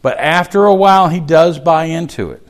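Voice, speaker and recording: A man's voice: on the high side, lively intonation, moderate pace. A man teaching a Bible chapter, reading verses aloud and explaining them in a folksy, conversational way. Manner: reads scripture aloud, then explains it in a folksy aside.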